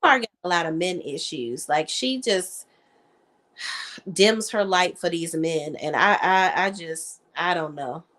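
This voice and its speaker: Woman, lower voice, blunt, swears freely, casual chat host. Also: animated, unhurried, fairly bright tone. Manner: blunt, profane, reads viewer comments aloud. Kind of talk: casual reality-TV gossip chat.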